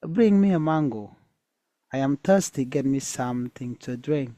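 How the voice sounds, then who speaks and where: A man's voice: mid-range voice, expressive, measured pace, warm tone, no echo, lightly acted. A man reading a folktale aloud who voices a lazy, selfish young girl making demands of her sister. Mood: spoiled demanding. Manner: demanding, sneering.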